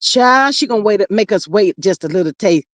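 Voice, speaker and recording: A woman hosting a casual gossip livestream, reading chat comments aloud and drawling slang, swinging between loud calls and low murmurs. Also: animated, moderate pace, no room sound. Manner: drawling Southern slang, says child a lot, reads comments aloud.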